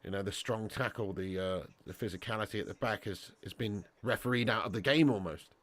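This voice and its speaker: With a lowish, brisk voice that has a fairly bright tone and no echo, this British host runs a live football watch-along. He keeps things chatty, reads viewer comments aloud, laughs a lot, and addresses people as "mate" and "lad."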